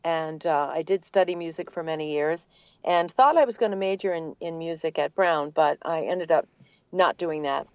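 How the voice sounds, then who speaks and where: Low-voiced older woman voice actor. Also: normal speed, no echo, muffled recording. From Boston area, United States. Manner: articulate, relaxed storyteller with light laughs. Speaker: guest, voice actor. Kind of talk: conversational interview.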